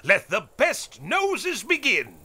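A man voicing a wise, calm male jungle elder who referees games in a cartoon dub, speaking in a patient, lecturing way. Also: very high voice, slow pace, slight background noise, full character voice. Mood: instructive.

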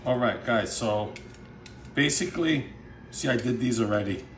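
A man giving a relaxed, chatty cooking demonstration, talking viewers through each step with lots of fillers and asides. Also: mid-range voice, moderate pace. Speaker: home cook showing a recipe. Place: kitchen, then an outdoor backyard grill. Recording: outdoor background noise.

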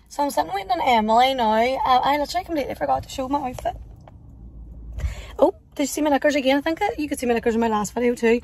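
A young Irish woman chatting breathlessly into her phone outdoors, her voice pitched high and her words tumbling out fast. She rambles in a bubbly, gushing way, with a faint hiss of background noise. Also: a little mellow. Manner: bubbly, rambling, heavy use of "like". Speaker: vlogger. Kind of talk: casual vlog chat to camera. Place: outdoors in countryside and a park.

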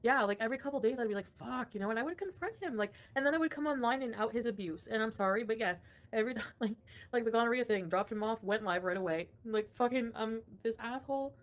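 A woman's voice: on the high side, quick pace. Ranting profane woman livestreamer. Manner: profane, ranting, laughs often. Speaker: livestream host. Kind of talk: casual livestream chat reading comments.

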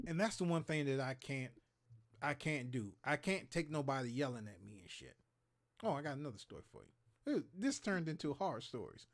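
Here a medium-pitched male voice with vocal fry runs a little fast. The speaker, a thirtysomething co-host of a gaming talk show from Maryland, USA, tells profane stories on a casual livestream and performs others' lines as he goes.

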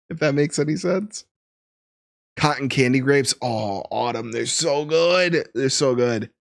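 A man's voice: mid-range voice, takes it slowly, vocal fry, pauses often, no echo, studio quality. A young man streaming live, chatting casually and laughing as he ranks fruits and reads chat. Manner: chatty and laughing, animated, reading chat aloud.

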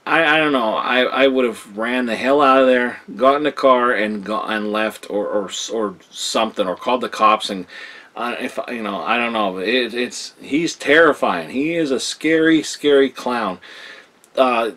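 A man's voice: medium pitch, normal speed, fairly bright tone. Young guy reviewing films to camera, loose and rambling, lots of "uh" and "you know". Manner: rambling, repeats words with many fillers. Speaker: film reviewer. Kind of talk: casual video review.

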